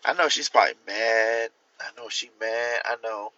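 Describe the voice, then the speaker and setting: A man's voice: lowish voice, moderate pace, sharp tone, no echo, muffled recording. A man hosting a livestream, giving blunt, opinionated views and talking straight to his viewers. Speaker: livestream host. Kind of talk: casual livestream talk.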